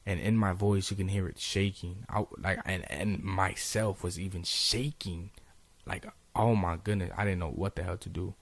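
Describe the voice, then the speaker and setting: Deep-voiced young man telling a story. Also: fairly even intonation, normal speed. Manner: rambling, slangy, many fillers and restarts. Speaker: vlogger. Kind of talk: casual story time.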